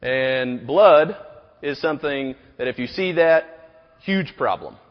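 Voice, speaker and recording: A man's voice: medium pitch, lively intonation, takes it slowly. A man in his thirties preaching a sermon, telling a personal story in a rambling, casual way full of "you know" asides. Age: 30s. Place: auditorium. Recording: echoey hall, dull recording.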